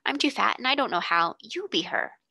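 A woman's voice: a little high, very animated, a little fast, gravelly, pushed and bright, husky, dry recording, full character voice. A woman voicing a shy, plump schoolgirl who exclaims eagerly.

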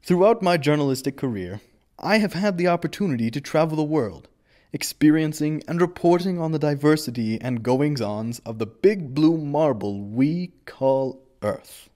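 A man's voice: a little high, lively intonation, normal speed, warm tone, close to an everyday voice. An actor playing a self-important male TV news anchorman with a pompous, grandiose delivery.

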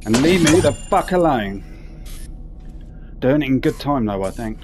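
A man's voice: mid-range voice, expressive, moderate pace, over music. A man giving casual, sweary commentary while playing a VR game and talking to himself. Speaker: gaming commentator. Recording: clear background noise.

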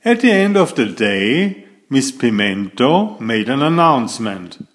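A man reading a children's picture book aloud as a bedtime story. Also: mid-range voice. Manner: slow, expressive storytelling. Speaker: storybook reader.

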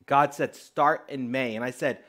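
A man preaching as a pastor, telling a personal story in an animated way and acting out the dialogue. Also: mid-range voice, unhurried. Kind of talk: storytelling sermon.

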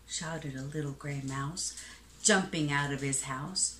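A woman reading a children's picture book aloud in an expressive, sing-song rhyming way. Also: deep voice, a little slow. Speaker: storybook reader. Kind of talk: children's storybook read-aloud. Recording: echoey room.

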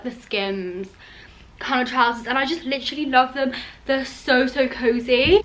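A woman's voice: on the high side, a bit bright, slight background noise. A young woman vlogging at home while unboxing, gushing and filling her talk with "like" and "oh my god.". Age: young adult. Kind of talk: casual unboxing vlog. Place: at home indoors. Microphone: handheld camera.

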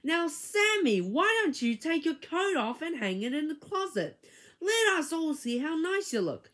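A prim schoolteacher corrects her class in a polite, scolding tone, voiced by a woman reading aloud. Her voice sits high and moves a lot. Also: sing-song, a little slow, fairly bright tone, full character voice. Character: patient female schoolteacher keeping order.

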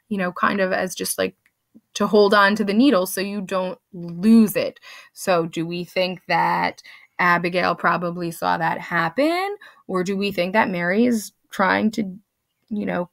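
A woman's voice: mid-range voice, vocal fry, a bit bright, no echo, studio quality. A young woman teacher summarizing a play for her class in a casual, chatty way, loosely paraphrasing the characters.

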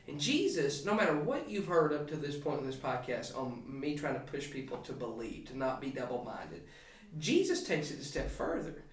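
A man with a fairly high voice preaches on a podcast, building emphatic and animated with lots of restarts. He sounds set back from the mic in an echoey room. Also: far from the mic. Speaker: pastor. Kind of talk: podcast sermon talk.

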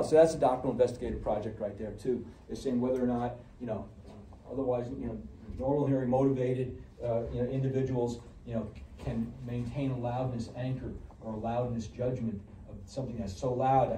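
A man giving a conversational audiology lecture, full of fillers and restarts, who gets animated when he acts out patients. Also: mid-range voice, quick pace, roomy sound, far from the mic, a little hiss or hum, rough recording. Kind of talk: recorded classroom lecture.

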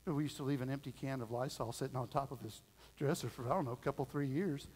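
A middle-aged man preaching a sermon as pastor, telling a family story in a folksy, animated way and acting out the voices. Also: medium pitch, fast, husky. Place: church sanctuary. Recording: long reverb of a church hall.

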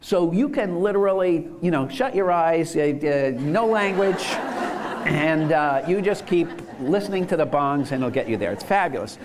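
A man delivers a conference lecture in a slightly high voice that swings widely in pitch. He sounds enthusiastic and chuckles often as he explains. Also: expressive, normal speed, a crowd in the background. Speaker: lecturer on universal design.

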